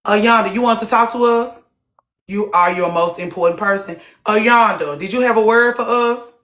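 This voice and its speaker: Speaking at a normal pace in a mid-range, fairly bright voice, this woman hosts a live group discussion. She's blunt and foul-mouthed, throwing rhetorical questions at listeners in casual, heated talk, with echoey room acoustics around her.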